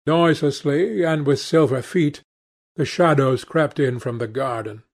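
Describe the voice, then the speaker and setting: A man narrating a classic novel as an audiobook, measured and unhurried. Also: fairly high pitch. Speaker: audiobook reader.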